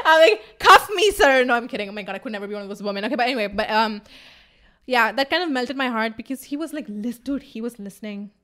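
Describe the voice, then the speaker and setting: A woman hosting a vlog, telling a story casually to her viewers with a friend, animated and swearing freely. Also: a little high, fast. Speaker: vlog host.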